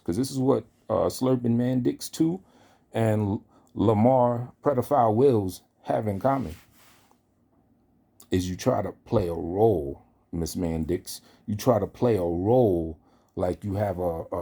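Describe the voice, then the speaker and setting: In a fairly low, creaky, husky voice with a dark tone and normal speed, this online commentator rants furiously at the person he's calling out, addressing them directly and swearing as he goes.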